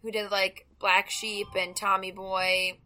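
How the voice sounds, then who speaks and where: A woman's voice: mid-range voice, level tone, slow pace, bright, forceful tone. A woman co-hosting a podcast in casual chat, chatty and hesitant, laughing easily. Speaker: podcast co-host.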